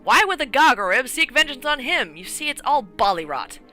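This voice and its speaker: Gruff, blustering old military man, put on by a woman. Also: mid-range voice, big pitch swings, quick pace, pushed and bright, soft background music, voice pushed up. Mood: indignant. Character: blustering red-faced older English army major.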